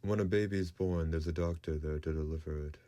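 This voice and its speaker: A man's voice: extremely low pitch, fairly even intonation, fairly quick, warm tone. A man voicing an earnest young woman who speaks insistently.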